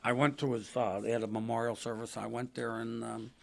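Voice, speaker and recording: An older man, a podcast guest telling racing stories in a casual, animated way, acting out quotes in a raised voice. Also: mid-range voice, fairly quick, vocal fry. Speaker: podcast guest, retired race car driver. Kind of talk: casual storytelling interview.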